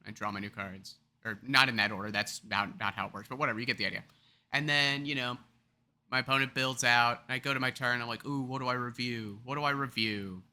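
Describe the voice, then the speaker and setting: A man's voice: mid-range voice, steady tone, quick pace, sharp tone. A man explaining a card game topic in a chatty, rambling, self-deprecating way, now and then acting out scenarios. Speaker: card game video creator.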